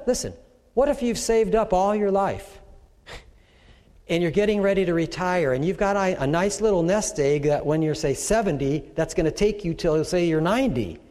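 A man preaching in an easy, talky way, often turning to the congregation with rhetorical questions. His voice sits a little above the usual male pitch. It rings out with the long echo of a large church hall. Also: a little mellow. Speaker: pastor. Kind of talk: sermon teaching.

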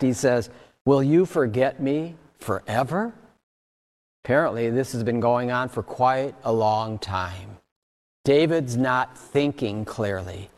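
Earnest male preacher in a reverberant hall. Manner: earnest preaching, swells louder and higher on key points. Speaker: pastor. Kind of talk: sermon.

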